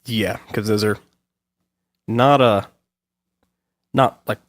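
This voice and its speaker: Man co-hosting a podcast with quick jokes. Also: fairly low pitch, fairly even intonation, dry recording, clean studio sound. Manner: quick, joking interjections. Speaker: podcast co-host. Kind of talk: casual crude comedy chat.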